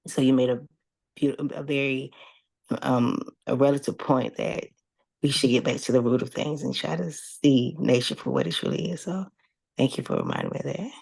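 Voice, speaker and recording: A woman at an online open mic giving earnest, somewhat halting feedback on a poem. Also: a bass voice, gravelly, a little mellow, breathy edge, dry recording, poor audio.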